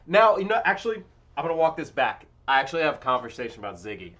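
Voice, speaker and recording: A young man talking casually on a live stream, blunt and profane. His voice jumps from loud, animated outbursts to low, grumbling mutters. He keeps a plain, mid-pitched voice and an easy, chatty flow. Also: fast talker, dull audio.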